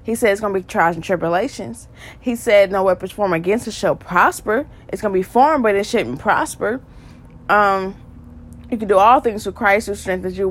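Earnest woman preaching her testimony. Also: mid-range voice. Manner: earnest and repetitive, with quick bursts of emphasis and laughs. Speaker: podcast host. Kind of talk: faith testimony talk, preaching.

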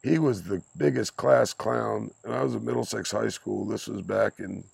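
A man's voice: on the low side, normal speed, creaky, darkish tone, breathy edge, dry recording. A man in his sixties on a podcast, telling rambling anecdotes in a casual chat, laughing often and swearing freely. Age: 60s. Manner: rambling anecdotes, frequent laughter, crude language. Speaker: podcast guest, father of the host.

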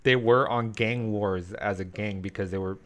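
A man's voice: lowish voice, steady tone, moderate pace. A man interviewing a musician in casual chat, loose and swearing freely.

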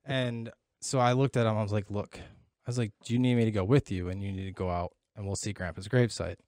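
Middle-aged male co-host, low voice, reflective and foul-mouthed, close and dry. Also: fairly even intonation, fast talker, darkish tone, no echo. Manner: candid, profane, reflective. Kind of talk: casual chat.

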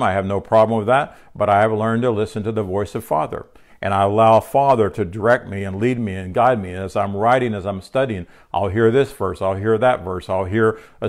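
Low-voiced older man preaching earnestly. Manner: earnest, halting, with frequent restarts and repeated words. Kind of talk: sermon.

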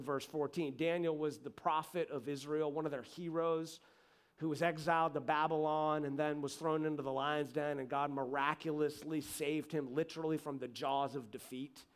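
A middle-aged male pastor preaching a sermon, telling the story in an animated, conversational way with frequent asides to the congregation. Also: on the high side.

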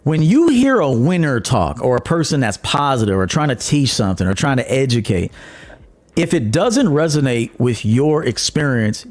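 Man, podcast host, dating coach, profane, mocking, lively pitch. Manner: profane, mocking, laughs at his own jabs; mimics commenters in a high mocking voice. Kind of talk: blunt monologue.

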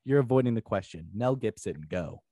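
Guy on a comedy podcast acting all earnest, bouncy pitch, dry close mic. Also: animated, a little fast, warm tone, breathy edge, no echo. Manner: mock-earnest, keeps steering the show. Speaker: podcast co-host.

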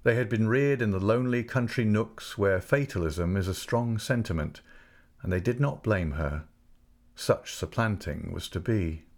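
A man narrating a classic novel as an audiobook, with a measured, unhurried literary delivery. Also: on the low side.

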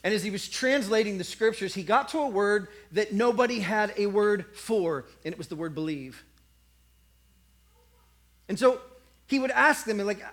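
A man with a high-pitched voice delivers a sermon. He tells his story with animated energy and briefly acts out the voices of a cheering crowd. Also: moderate pace. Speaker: preacher.

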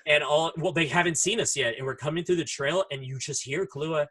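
This man tells stories in casual chat with a bright, sharp tone and a slightly high voice. He swears freely and acts out the people in his stories. He talks through headphones. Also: a little fast, husky. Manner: profane storyteller who acts out voices.

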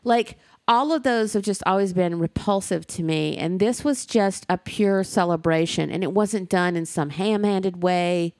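A woman's voice: on the low side, a little slow, few pauses, no room sound, clean studio sound. A woman co-hosting a casual chat show, talking in a blunt, emphatic way and swearing freely. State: tearful near the end.

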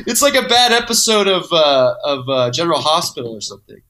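Animated, bright-voiced storytelling man. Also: a little high, fairly quick. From Modesto, California. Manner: animated, swears freely, acts out quotes. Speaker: guest, comedy creator. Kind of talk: casual storytelling chat.

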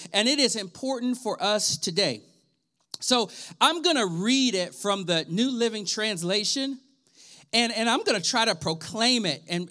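A pastor in his thirties preaches a sermon in a high, bright, forceful voice. He is animated and emphatic, breaks into laughter, and speaks straight to the congregation. His delivery swings from quick asides to slow, stretched-out scripture lines. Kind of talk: livestreamed sermon.

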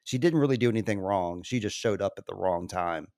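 A man's voice: low voice, fairly quick, a little mellow, no echo, clean studio sound. A man recapping a TV episode in casual podcast chat, rambling and laughing often. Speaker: podcast co-host.

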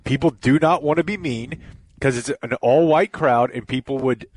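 A man's voice: medium pitch, normal speed, darkish tone, breathy edge. A man co-hosting a radio show, needling a colleague with a laugh. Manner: teasing, needling, laughs while talking. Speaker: radio co-host. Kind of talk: casual radio banter.

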